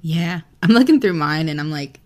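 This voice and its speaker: A woman's voice: sits low, expressive, moderate pace. A young woman co-hosting a casual book podcast, giggly and blunt, swearing freely. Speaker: podcast co-host.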